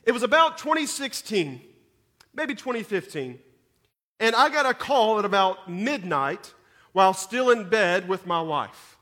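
A man, preaching a sermon that moves between scripture reading, prayer and lively storytelling, often repeating words as he goes. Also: unhurried. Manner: animated storyteller, repeats words, rises in pitch and volume at dramatic moments. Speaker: pastor.

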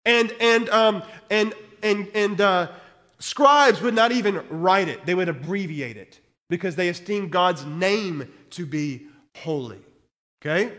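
A male pastor with a notably high voice teaches from scripture, reading verses aloud and explaining them point by point. He keeps checking in with "okay?" as he goes. His voice carries a long reverb, like a big room. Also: expressive, unhurried, a bit bright. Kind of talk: sermon.

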